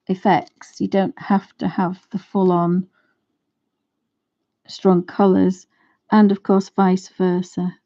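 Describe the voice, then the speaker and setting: During a relaxed live craft stream, a woman paints in watercolour and talks her viewers through it, musing aloud as she goes. Her mid-range voice has a dark tone, and the recording's highs are cut off.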